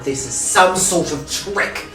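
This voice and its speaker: A man voicing a gruff, suspicious male card player in a tavern, who speaks slowly and commandingly and bursts into shouts, in a tabletop game. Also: high voice, pitched above the performer's own voice, heavily acted. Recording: roomy sound, distant mic, music behind.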